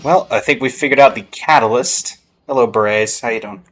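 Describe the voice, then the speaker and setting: Man, game streamer, loud joking asides, game music behind. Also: mid-range voice, fairly quick. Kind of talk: casual live game commentary.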